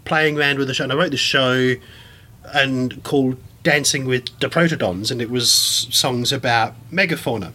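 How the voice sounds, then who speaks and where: A man who grew up abroad after being born in England, telling stories with animated enthusiasm and many restarts as an interview guest. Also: medium pitch. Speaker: guest, science communicator and performer. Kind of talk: casual storytelling interview.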